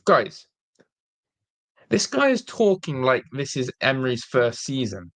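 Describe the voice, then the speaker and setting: A man's voice: mid-range voice, sing-song, measured pace, pauses often, fairly bright tone. A man hosting a live-streamed football fan show, ranting in exasperation and repeating himself. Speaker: fan channel host.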